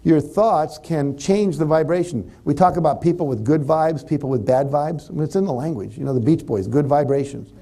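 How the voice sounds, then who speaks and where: Speaking fairly quickly with few pauses, this motivational speaker from California has a dark, higher-leaning voice. He lectures a live seminar audience in a chatty way, performing example thoughts as he talks.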